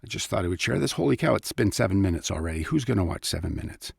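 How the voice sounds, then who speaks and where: A man's voice: low voice, animated, fast, gravelly, husky, no room sound, clean studio sound. A male voice actor talking casually and chattily about his craft, in a rambling way. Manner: chatty, rambling, self-interrupting. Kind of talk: casual vlog talk.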